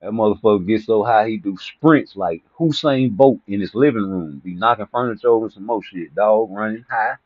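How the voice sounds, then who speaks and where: A man's voice: lowish voice, a little fast, few pauses, dry recording. A man ranting casually to camera about boxing personalities, rambling and profane, teasing people and laughing at his own jokes. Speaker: boxing commentary vlogger. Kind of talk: casual comedic rant to camera. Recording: tinny phone-like dry sound.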